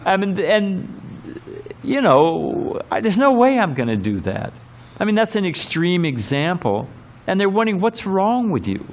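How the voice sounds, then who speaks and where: A man with a high-sitting, sing-song voice teaches scripture at a measured pace in a temple hall. His temple sermon lecture drifts conversationally through fillers and asides, and he acts out quotations in different voices.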